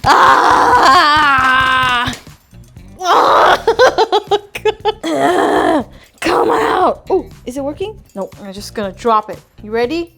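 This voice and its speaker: A young woman hosting a cooking vlog in a very high, girlish voice. She giggles and squeals constantly, chatting straight to her viewers, with faint music playing underneath. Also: sing-song, moderate pace, vocal fry, few pauses. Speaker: food vlogger.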